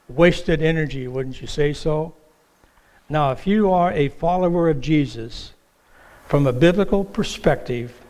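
A man delivers a sermon from a church stage, lively and storytelling, his voice sitting a touch high for a man. He acts out the voices in his quotes as he goes. The sound carries the long reverb of a large hall. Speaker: pastor. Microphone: stage microphone with monitor.

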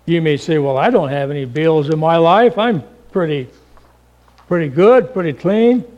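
A middle-aged male pastor preaching a sermon, dramatic, acting out voices and swinging between loud calls and hushed lines, calling the listeners folks. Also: fairly high pitch, moderate pace, dull audio. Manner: addresses the congregation as folks.

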